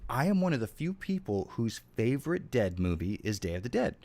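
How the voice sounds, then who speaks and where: A man's voice: medium pitch, sing-song, brisk, dark tone. A man streaming a game, chatting casually with his viewers, swearing often and reacting to their messages. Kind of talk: casual gameplay stream chat.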